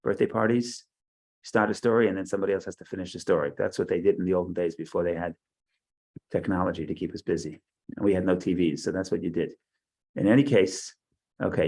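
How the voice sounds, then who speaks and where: A man's voice: low voice, quick pace, darkish tone, poor audio. A man teaching a Bible study class over a video call, thinking aloud with frequent restarts and asides. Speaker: Torah teacher.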